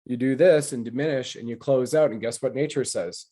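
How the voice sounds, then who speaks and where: A man's voice: medium pitch, a little fast, few pauses, mellow. Emphatic, preachy male show host. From Canada. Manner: preachy, emphatic, lectures with wordplay. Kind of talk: casual interview talk.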